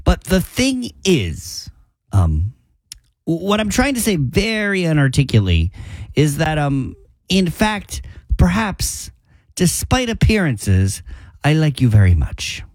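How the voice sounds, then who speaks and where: A man playing a reserved, formal British gentleman who confesses his feelings in a halting, awkward way, with a put-on British accent. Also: fairly high pitch, huge pitch swings, no echo, voice pushed up, exaggerated voice. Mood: awkward tender. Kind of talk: radio show scene reading.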